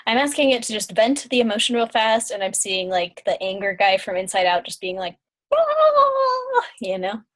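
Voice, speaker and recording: Casting note: young adult woman, intuitive healer, medium pitch, casual chatty delivery with fillers and yawns. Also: steady tone, fairly quick, few pauses. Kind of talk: guided energy-clearing session.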